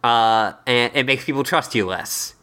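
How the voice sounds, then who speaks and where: A man's voice: medium pitch, a little slow, sharp tone, clear, resonant tone. A man co-hosting a casual comedy podcast, giving wry commentary. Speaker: podcast co-host.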